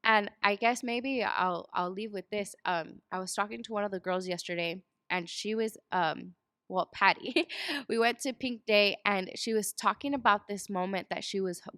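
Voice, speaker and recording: Animated woman in her twenties. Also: medium pitch, no echo, clean studio sound. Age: 20s. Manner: animated storyteller, acts out quoted dialogue, laughs often. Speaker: guest. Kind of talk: casual chat.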